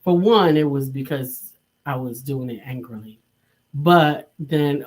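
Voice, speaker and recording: A woman co-hosting a live coaching talk show in a casual, reflective way. She reads viewer comments aloud and muses on them. Her pace is unhurried. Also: extremely low pitch, darkish tone, breathy edge. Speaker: co-host reading viewer comments. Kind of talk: casual live-stream chat.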